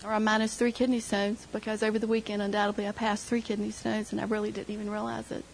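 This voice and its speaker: A woman's voice: medium pitch, flat delivery, fast talker, creaky, slight background noise, rough recording. A middle-aged woman sharing an emotional personal testimony with her church group, retelling conversations as she goes. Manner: emotional storytelling, quoting others.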